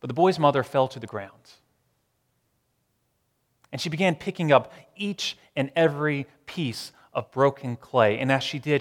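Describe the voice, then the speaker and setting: A man preaching a sermon, moving between raised emphatic lines and hushed, slow repetitions. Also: medium pitch, long reverb tail.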